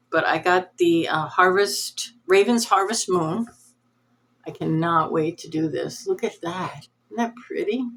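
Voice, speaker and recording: A woman's voice: low voice, a bit bright, slight background noise. A woman hosting a cross-stitch vlog, chatting casually to camera in a nasal, rambling, self-deprecating way.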